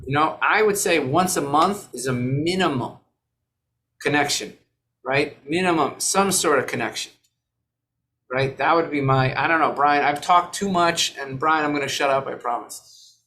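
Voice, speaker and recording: A man's voice: a little high, normal speed, pushed and bright. A man chatting casually on a podcast, rambling a little and poking fun at himself. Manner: rambling, self-deprecating.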